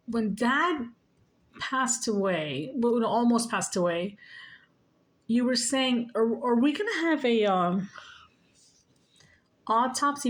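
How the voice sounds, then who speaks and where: Woman vlogger with a fairly high voice, agitated and profane, rambling to camera. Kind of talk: casual rant to camera.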